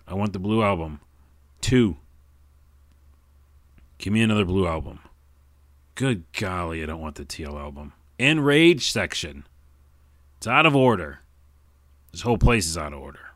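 A man with a very low voice hosts his own podcast, chatting alone. He rambles, stumbles over words and pokes fun at himself. The recording is dry and close. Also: a bit bright, no room sound. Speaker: podcast host. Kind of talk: casual solo podcast chat.

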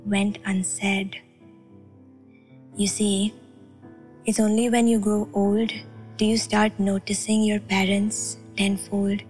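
Young woman reciting poetry very slowly. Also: fairly high pitch. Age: young adult. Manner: rhythmic, deliberate, wry. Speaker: poet and podcast host. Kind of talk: spoken-word poetry reading. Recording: faint music behind. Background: soft music.

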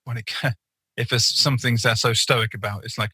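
A man's voice: medium pitch, steady tone, normal speed, bright, forceful tone, slightly rough, dry recording, poor audio. A man co-hosting a podcast, telling a rambling story in casual chat with many fillers and restarts. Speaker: podcast co-host.

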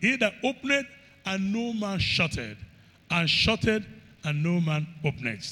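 A man's voice: sits high, sing-song, measured pace, pushed and bright. A man preaching a sermon, quoting scripture and asking the congregation to finish his lines. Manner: call-and-response questions to the congregation; reads scripture in King James wording, rising and falling emphasis. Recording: long hall reverb.

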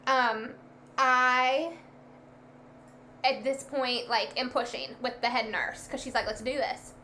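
Animated young woman, bright high voice. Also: slow, slight background noise. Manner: animated, lots of "like", acts out quoted lines. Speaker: guest telling a birth story. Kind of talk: casual storytelling.

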